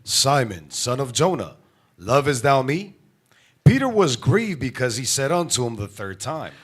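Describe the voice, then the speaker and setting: Man slowly reading scripture aloud. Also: medium pitch, sing-song. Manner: slow, halting reading aloud of old King James wording. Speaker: scripture reader in class.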